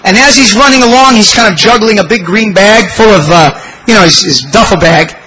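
A man telling a devotional story in a sermon, animated and exclamatory, acting out the people he quotes. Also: high voice, a little fast, rough recording. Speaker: devotional speaker.

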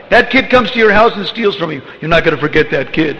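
Bright-voiced man giving a rambling talk. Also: sits high, rapid-fire, few pauses. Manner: rambling, conversational, chuckling, many "you know"s. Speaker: spiritual teacher. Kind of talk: informal religious talk. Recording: echoey hall, dull lo-fi with faint noise.

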